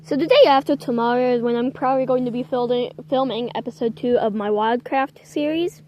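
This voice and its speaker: Young female vlogger, high-pitched, chatty and rambling, recording outdoors. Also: fairly quick, lo-fi sound, slight background noise. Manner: chatty and rambling, with frequent apologies. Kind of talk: casual outdoor vlog chat. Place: outdoors in the cold, sitting on rocks.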